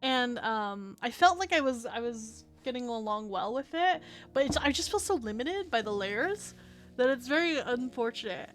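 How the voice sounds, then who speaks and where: Chatting casually on stream at home, with her cat in the room, a woman VTuber speaks into a desk mic at a normal pace. Her voice is fairly high and animated, faint music plays behind, and she rambles with many fillers and restarts.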